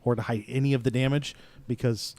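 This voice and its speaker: Relaxed man with a dry close sound. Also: medium pitch, a little fast, no room sound. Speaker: tabletop player. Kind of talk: casual character introduction.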